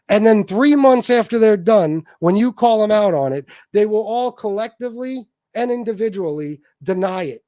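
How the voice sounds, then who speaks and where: Heated male livestream host, high voice, swearing rant, dry mic. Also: darkish tone, no room sound. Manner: profane, heated, repetitive. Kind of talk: ranting livestream commentary.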